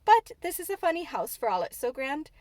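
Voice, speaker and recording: A woman's voice: high-pitched, sing-song, a little fast, darkish tone, no room sound, pitched above the performer's own voice. A woman voicing a young, chatty, good-natured housemaid with a broad Yorkshire accent. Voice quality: broad dialect, homely and frank.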